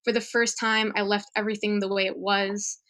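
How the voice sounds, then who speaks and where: Flat-toned woman reading quietly. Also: mid-range voice, brisk, no echo, poor audio. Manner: quiet, even, restrained reading. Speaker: graduate writing student. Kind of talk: reading her own memoir prose aloud.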